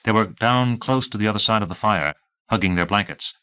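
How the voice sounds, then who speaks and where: A man reading a novel aloud in a steady, measured way; his voice is lowish but bright, and the recording is dry and close. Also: smooth, no room sound. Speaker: audiobook narrator. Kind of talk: scripted narration.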